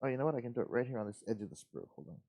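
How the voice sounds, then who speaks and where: A man hosts a live model-building show, talking casually as he works. He rambles and mutters to himself in an easygoing, folksy way, at a middle pitch. The sound is dry and close. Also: animated, racing, mellow, dry recording. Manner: rambling, talks to himself while working.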